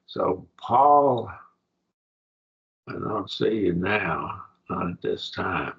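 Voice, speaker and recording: A man with a very low, gravelly voice teaches a Bible class at an unhurried pace. He walks through the Greek grammar one step at a time and keeps checking that the students follow. The recording sounds dull and lo-fi. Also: lively intonation. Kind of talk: college-level Bible study lesson.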